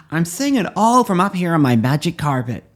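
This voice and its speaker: A man putting on a gushing, excitable young Aladdin. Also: on the high side, normal speed, voice pushed up. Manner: gushing, then panicked screaming as he falls. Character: young male cartoon-style flying carpet rider, excitable.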